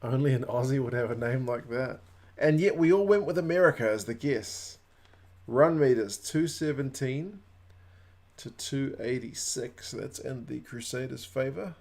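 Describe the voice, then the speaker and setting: A man in his 30s with a medium-pitched, darkish voice hosts a casual rugby watch-along livestream. He's chatty, reacting to comments coming in from the live chat.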